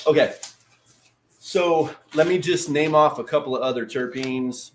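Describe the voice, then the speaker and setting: This livestream host's voice runs on the high side, and he keeps a measured pace through a relaxed lesson. Chatty and loose, he curses freely and welcomes viewers by name.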